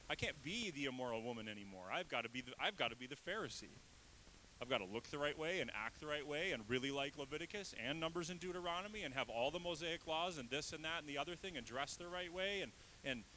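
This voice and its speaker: Male preacher, sermon, bright tone, emotional, hushed to raised swings, faint hiss. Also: fairly high pitch, low-quality recording. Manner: acts out inner voices in conversational asides. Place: church stage.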